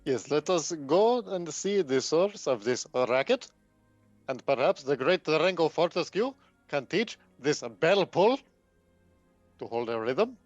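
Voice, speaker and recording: A man's voice: a little high, sing-song, measured pace, no echo, soft background music. A man voicing a pompous, grandiose bard who speaks of himself in the third person, over dull lo-fi call audio.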